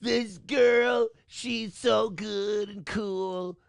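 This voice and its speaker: A man's voice: high-pitched, steady tone, extremely slow, creaky, clear, resonant tone, no echo, clean studio sound, pitched above the performer's own voice, full character voice. A man putting on the voice of a whiny young emo singer who pines over a girl. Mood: mopey.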